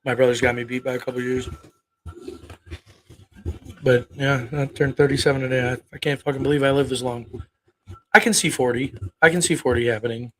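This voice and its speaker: A man's voice: mid-range voice, steady tone, a little fast, pauses often, fairly bright tone, slight background noise, poor audio. Blunt, profane man in his thirties. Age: 30s. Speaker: livestream host. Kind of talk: casual livestream chat.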